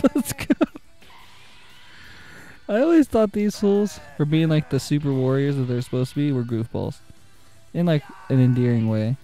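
A young man giving excitable, casual gameplay commentary, trash-talking the computer opponents and laughing often. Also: mid-range voice. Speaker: gaming channel host.

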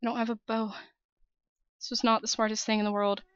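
A woman's voice: fairly high pitch, level tone, brisk, clean tone, no room sound, highs cut off. A young woman narrating her own game as a let's-play host, nervous and shaky, talking to herself and her viewers. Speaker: gaming channel host.

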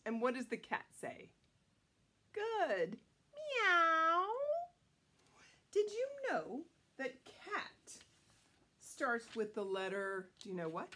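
A woman reading a picture book aloud to young children, playful and teacherly, sounding out letters slowly and asking questions. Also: a little high, big pitch swings, slightly rough. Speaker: children's storytime reader.

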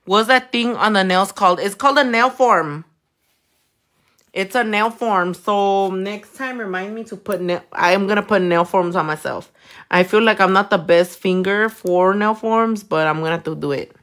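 A woman's voice: medium pitch, normal speed, a bit bright. A woman from California with a Californian accent, chatting casually and playfully while doing nails. She swears freely and mixes Spanish words into her talk. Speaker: nail technician. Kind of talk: casual chat while working, reading comments.

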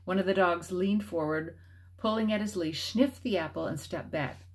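A woman reading a children's novel aloud, expressive and varied in her delivery. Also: fairly low pitch, moderate pace. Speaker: storybook reader.

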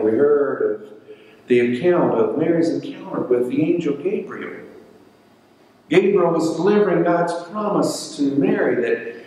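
A male pastor delivers a sermon in a measured, deliberate voice, now and then repeating a word. The recording is distant and full of long, ringing church reverb. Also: a little high, a little mellow. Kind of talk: sermon with scripture reading. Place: church sanctuary. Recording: echoey church hall from far off.

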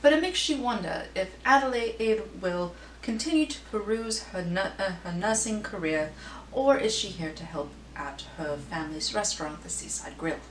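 A woman's voice: medium pitch, animated, moderate pace, close to an everyday voice. A woman voicing a gossipy female society columnist in a put-on British-style accent, with arch, theatrical delivery. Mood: arch gossip. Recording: roomy echo, distant mic, faint hum.

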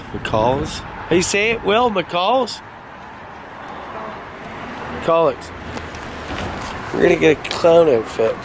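A man filming a casual vlog, brash and teasing, swearing constantly. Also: mid-range voice. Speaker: work crew boss filming a vlog. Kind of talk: profane casual chat. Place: outdoors at a work site and in a car. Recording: loud outdoor and traffic noise.

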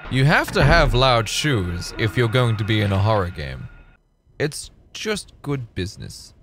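A man in his thirties from Northern Ireland, commentating a horror game stream, excitable, yelling, swearing and putting on joke voices. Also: lowish voice, measured pace, soft background music. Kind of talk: let's-play stream commentary.

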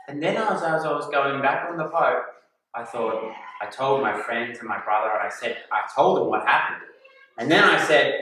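An animated man tells a story to little children, his pitch swooping up and down as he acts out the voices. He sits back from the mic in a very echoey room. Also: moderate pace, long pauses, recorded from a distance. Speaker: kindergarten teacher.

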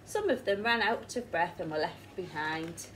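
A woman's voice: fairly low pitch, expressive, moderate pace, background noise. A woman teacher with an English accent reading a picture book aloud to children and asking them questions along the way. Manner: asks the listening children questions. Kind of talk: storybook read-aloud.

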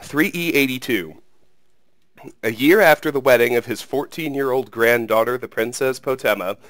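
A man hosting a game playthrough, reading an in-game book aloud in a steady, measured way. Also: mid-range voice, no echo. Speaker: let's play host.

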